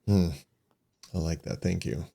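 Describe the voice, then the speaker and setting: A man's voice: deep voice, animated, unhurried, gravelly, dark tone. A man co-hosting a podcast, talking in an easygoing, reflective way and laughing easily. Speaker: podcast co-host. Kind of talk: casual chat.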